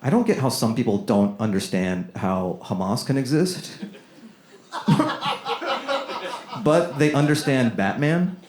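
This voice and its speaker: A man's voice: mid-range voice, takes it slowly, pauses often, noisy background. Riffing male stand-up comic. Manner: loose, riffing, lively, swears freely. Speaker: stand-up comedian. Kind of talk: stand-up comedy set. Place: small comedy room with live audience. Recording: echoey room, audience laughter.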